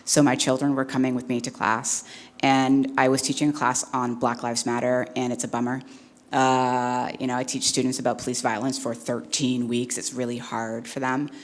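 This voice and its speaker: A woman's voice: very deep voice, level tone, normal speed. A woman speaker telling a personal story on stage in an earnest, conversational way with many fillers. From Canada. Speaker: keynote speaker.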